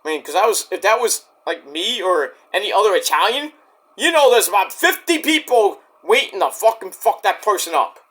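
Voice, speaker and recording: Male wrestling reviewer, high and bright voice, excitable and profane recap delivery. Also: moderate pace, slightly rough. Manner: excitable, profane, storytelling rant. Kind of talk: casual recap commentary.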